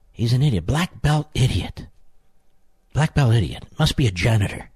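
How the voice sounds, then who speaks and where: A man's voice: mid-range voice, lively intonation, moderate pace, pauses often, a little mellow, slightly rough, no echo. A man hosting a talk radio show, delivering a combative, sarcastic monologue full of mocking insults.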